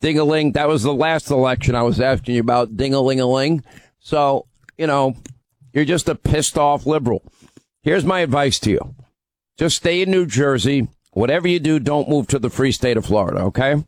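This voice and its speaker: A man's voice: medium pitch, normal speed, dry recording. A man hosting a call-in radio show, needling and arguing with a caller. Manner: combative, needling. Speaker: radio talk show host.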